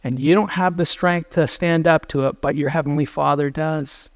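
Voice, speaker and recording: A man's voice: on the high side, steady tone, normal speed, no room sound. A man preaching a sermon as pastor, earnest and urgent as he exhorts his listeners.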